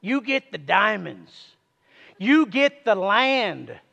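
Male preacher, very high bright voice, slow deliberate delivery, call-and-response with congregation. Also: very animated, gravelly, big-room sound, muffled recording. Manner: call-and-response, urging listeners to repeat. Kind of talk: sermon.

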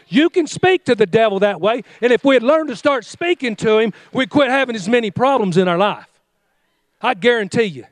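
A man's voice: very high-pitched, lively intonation, brisk, dry recording, studio quality. A male pastor preaching a fiery sermon, exhorting his congregation with call-and-response commands.

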